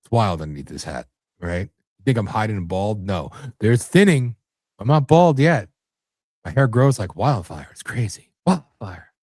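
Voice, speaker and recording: A man's voice: on the low side, lively intonation, normal speed, a little mellow, dry recording, studio quality. A man hosting a live internet radio show with an American accent, rambling and cursing in casual, self-deprecating chat. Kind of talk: casual late-night chat.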